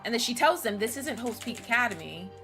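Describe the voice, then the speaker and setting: This is a woman streamer telling the story of a game in a loose, chatty, giggly way. Her voice is bright and forward. Faint game music plays underneath. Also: a little high, lively intonation, a little fast. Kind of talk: casual let's-play recap.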